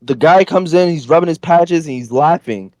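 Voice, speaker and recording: A man from northern Florida, a podcast guest telling a rambling, profane, animated story with plenty of fillers. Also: on the high side, normal speed, dry recording. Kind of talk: casual storytelling.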